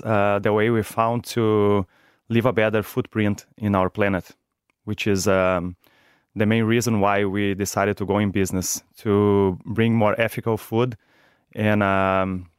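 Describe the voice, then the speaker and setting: A man's voice: on the low side, steady tone, normal speed, clean tone, no echo, clean studio sound. A man from Brazil with a Brazilian Portuguese accent, answering interview questions in a hesitant way. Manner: hesitant, frequent ums. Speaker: guest, company co-founder.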